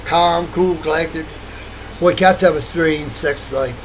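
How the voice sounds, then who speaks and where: A man's voice: on the high side, slow, a little hiss or hum, rough recording. An older man rambling through a late-night monologue, wandering from thought to thought and laughing often. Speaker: vlogger.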